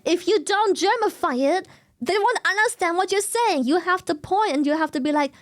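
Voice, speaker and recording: A woman's voice: very high-pitched, moderate pace, no room sound, studio quality. A young German woman with a German accent, chatting casually as a streamer and eagerly explaining things, repeating herself for emphasis. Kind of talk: casual chat with chat.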